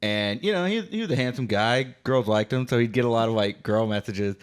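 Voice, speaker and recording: A man hosting a casual chat while playing a video game, relaxed and self-amused. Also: medium pitch, a little fast, clean tone. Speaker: host.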